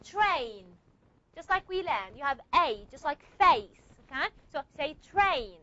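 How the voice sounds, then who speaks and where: A woman's voice: sits high, sing-song, normal speed, pushed and bright, lo-fi sound. A woman teaching a classroom lecture, repeating and modeling sounds and checking often that students follow.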